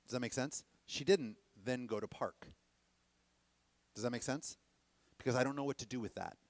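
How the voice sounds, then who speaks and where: A man teaching a dance workshop to a class, animated and often checking that the students are following. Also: mid-range voice, moderate pace, dry recording. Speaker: dance instructor.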